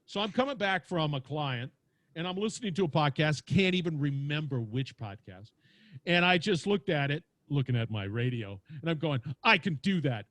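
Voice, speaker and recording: A man with a big booming voice telling stories animatedly as a podcast guest, acting out quotes as he talks. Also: animated, normal speed, a bit bright, no room sound. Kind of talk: lively storytelling interview. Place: home studio with lights.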